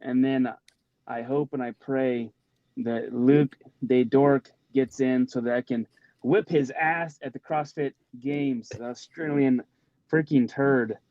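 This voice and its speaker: A man on a podcast call giving relaxed predictions with some trash talk, on dull lo-fi audio. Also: medium pitch, slow, no room sound. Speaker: podcast guest. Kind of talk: casual chat.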